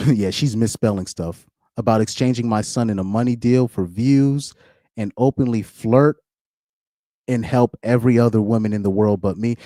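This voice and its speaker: A man talking through a casual live stream at a middle pitch, rambling and stumbling over repeated words. He breaks into laughs often. The sound is dry and close to the mic. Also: warm tone, no room sound. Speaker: commentary streamer.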